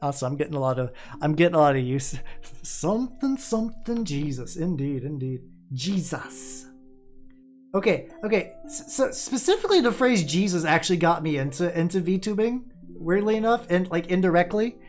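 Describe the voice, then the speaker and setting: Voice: mid-range voice, very animated, a little mellow. Rambling VTuber streamer with faint music. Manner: rambling, chatty, trails off into mumbles; quick restarts and repeated words. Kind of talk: casual stream chat while painting. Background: faint music playing.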